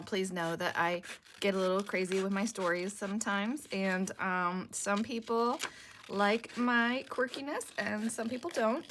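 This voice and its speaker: A woman's voice: mid-range voice, steady tone, normal speed, fairly bright tone, slight background noise. A woman with a sore, cracking throat, chatting and thinking aloud in a rambling way as she explains a crafting project. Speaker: junk journal crafter on a design team. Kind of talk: casual crafting tutorial.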